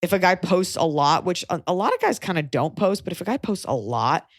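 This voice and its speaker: A woman's voice: on the low side, sing-song, brisk, dry recording, clean studio sound. A woman hosting a podcast, giving frank advice in casual chat, often restarting her sentences. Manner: chatty, frank, self-interrupting. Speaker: podcast host.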